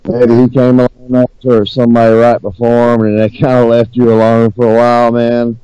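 A laid-back man hosts a podcast in casual, rambling chat, hedging as he goes. His voice is smooth and resonant, recorded close and dry with no room sound. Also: medium pitch, monotone, a little fast, warm tone, no room sound, muffled recording. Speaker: podcast host.

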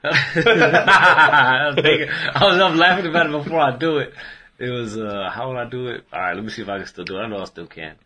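A man's voice: medium pitch, fairly quick, crowd noise. A man from Dallas, Texas telling laid-back stories in casual chat, laughing as he goes. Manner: laid-back, laughs through his stories, calls friends "fool".

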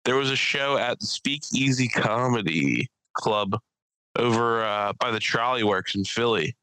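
Male comedian-host, loose profane storyteller, bright crisp voice. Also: medium pitch, unhurried, no echo, rough recording. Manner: rambling, profane, laughs at own stories. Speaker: podcast host and stand-up comedian. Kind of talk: casual storytelling chat.

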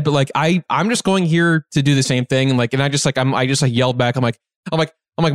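A man's voice: medium pitch, fast, no room sound, studio quality. A man telling a long, rambling anecdote as a podcast guest, full of fillers and restarts. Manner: rambling, filler-heavy, animated retelling. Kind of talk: casual storytelling.

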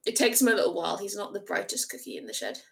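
A woman's voice: mid-range voice, racing, creaky. A woman playing a tabletop role-playing game, describing her character's actions in a giggly, self-deprecating way. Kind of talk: casual tabletop role-play.

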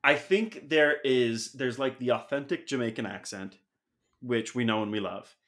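A man's voice: medium pitch, normal speed, a bit bright. A man co-hosting a podcast, making opinionated points in casual movie chat and leaning on "like" as he builds them. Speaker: podcast co-host.

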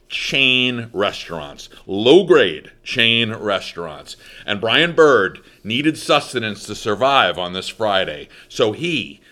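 A lower-voiced American man holds forth as a talk show host, spinning a story with theatrical emphasis. He drags out key words, then drops to a hushed aside before booming again. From United States. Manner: theatrical, emphatic, swings loud and soft. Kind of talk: dramatic monologue storytelling.

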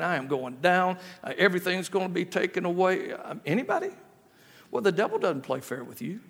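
This middle-aged man has a high-pitched, husky voice that's a bit bright. He's a visiting preacher delivering a sermon in a church sanctuary, mixing in comic stories and repeated lines posed as rhetorical questions, all echoing through a reverberant hall.

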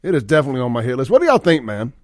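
Folksy radio host, riled up. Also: male voice, sing-song, racing, a little mellow, dry recording, studio quality. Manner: folksy, worked-up rants, pitch climbing when riled. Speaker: radio talk show host. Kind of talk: opinionated sports talk. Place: radio studio. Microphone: studio microphone.

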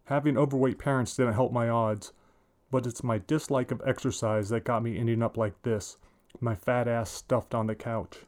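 A man in his forties reading his own first-person short story aloud at an unhurried pace. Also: medium pitch, darkish tone. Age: 40s.

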